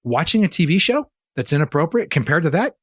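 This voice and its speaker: A man from the Bay Area of California, an interview guest telling a personal story in an earnest, animated way and posing rhetorical questions. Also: fairly high pitch, a little fast, breathy edge, no room sound, clean studio sound. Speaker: interview guest, church leader. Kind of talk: conversational storytelling.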